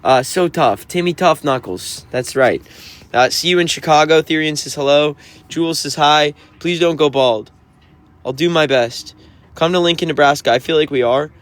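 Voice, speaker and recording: A man's voice: fairly high pitch, moderate pace, a bit bright. Sassy man reading livestream chat. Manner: sassy, teasing, mock-offended. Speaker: touring musician.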